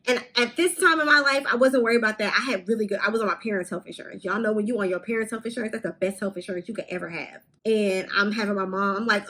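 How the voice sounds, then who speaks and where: A young woman talks straight to her camera, telling a storytime vlog in a candid, animated way. She swears casually and her voice sits at an ordinary middle pitch for a woman. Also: quick pace, few pauses, low-quality recording. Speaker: vlogger.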